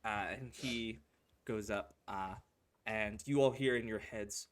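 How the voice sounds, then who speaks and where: A man's voice: lowish voice, steady tone, takes it slowly. A man narrating a tabletop game as game master, casual and full of fillers.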